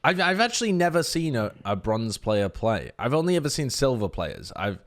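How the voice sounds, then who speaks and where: A young man with a British accent, its Birmingham roots mostly trained away, chats casually as an esports caster. His voice sits at an ordinary middle pitch, and his humour is dry and self-mocking, with frequent restarts. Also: sing-song, normal speed. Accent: British, softened Birmingham. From England. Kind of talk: casual chat.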